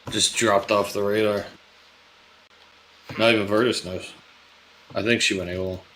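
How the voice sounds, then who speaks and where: A man with a somewhat low voice talks through a sci-fi role-play as a crew leader. He muses out loud in a loose, casual way and swears freely, with faint noise in the background. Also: steady tone, normal speed, low-quality recording. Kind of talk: in-character role-play chat.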